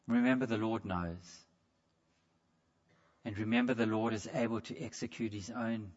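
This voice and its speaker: Man preaching on a dull, lo-fi recording. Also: medium pitch. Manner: conversational, repeats words when restarting; asks the congregation direct questions. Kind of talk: sermon.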